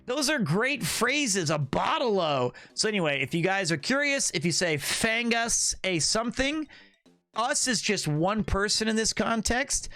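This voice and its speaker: A playful, animated male streamer chatting casually with his viewers and riffing on whatever they send in. His voice sits high and sounds bright and forceful, and it is recorded close and dry with faint music behind it. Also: moderate pace, hardly any pauses, no room sound. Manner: animated, playful, laughs at his own jokes. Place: Tokyo, Japan.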